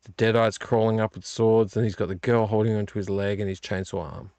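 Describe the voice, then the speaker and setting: A man's voice: on the low side, brisk, no room sound. A tired man, hosting a casual late-night vlog and rambling about his movie collection. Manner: relaxed, rambling, complains about covers. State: tired and yawning. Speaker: vlog host. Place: home room.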